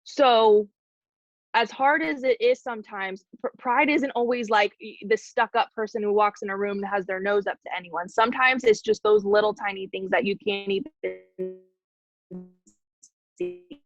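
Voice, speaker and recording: A woman's voice: medium pitch, no echo, dull audio. A woman leading her team, giving a candid, emotional motivational talk on a video call, casual with lots of "like". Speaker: team leader speaking to her team.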